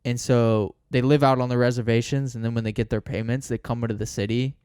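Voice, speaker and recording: A man's voice: mid-range voice, level tone, quick pace, darkish tone, clean tone, no room sound, clean studio sound. A young man co-hosting a podcast, chiming in with details in casual chat. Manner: chimes in to fill in details. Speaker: podcast co-host.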